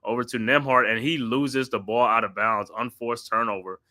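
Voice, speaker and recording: A man hosting a watch party stream, calling the game play by play in a steady running call with casual asides. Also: mid-range voice, normal speed. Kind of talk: live play-by-play commentary.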